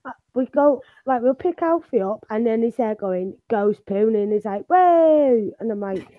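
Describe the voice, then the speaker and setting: A chatty woman with a fairly high voice telling stories and laughing as she streams. She is unwell, and her voice comes across dry and close. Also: moderate pace, dry recording, phone-quality sound. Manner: chatty storyteller, laughs often. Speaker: stream co-host. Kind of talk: casual stream chat.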